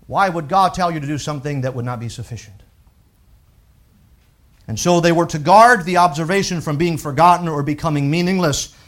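A pastor preaches a sermon, reading scripture aloud and earnestly explaining it while swinging between raised and hushed delivery. His voice is a little high and a little fast.

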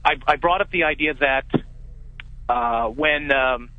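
A man's voice: mid-range voice, unhurried. Hesitant man calling in by phone. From California. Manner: hesitant, many uh fillers. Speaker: caller. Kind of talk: call-in question. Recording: tinny phone line.

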